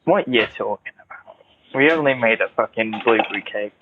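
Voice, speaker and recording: A man's voice: on the low side, normal speed, narrow, tinny audio, background noise. Joking man chatting in a kitchen. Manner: joking, swears casually. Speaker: podcast co-host. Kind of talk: casual kitchen banter.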